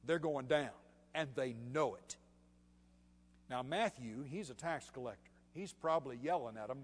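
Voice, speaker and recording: A man preaching a sermon, reading scripture and then explaining it in a conversational, animated way, acting out voices. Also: mid-range voice, measured pace, husky, long reverb tail. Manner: conversational, animated, acts out voices with swings in loudness.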